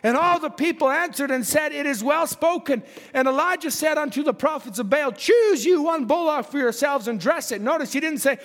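A man preaching a fervent sermon, reading scripture aloud and rising to shouts at the peaks. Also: very high voice, animated, fairly quick. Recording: long hall reverb.

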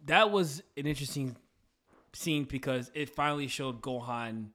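A man's voice: mid-range voice, moderate pace, a bit bright. A young adult man hosting a casual podcast chat, laid-back and full of "like" and "you know". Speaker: podcast host.

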